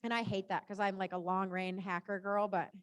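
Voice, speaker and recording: A woman's voice: medium pitch, flat delivery, fairly quick, no room sound. A woman riding instructor coaching a rider through a live lesson, chatty and encouraging, often saying "right?" and "good".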